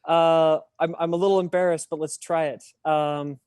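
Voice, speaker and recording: A man's voice: fairly high pitch, flat delivery, moderate pace, darkish tone, clean tone, dry recording. A man, a podcast guest talking in a chatty, self-deprecating way. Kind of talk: casual podcast interview.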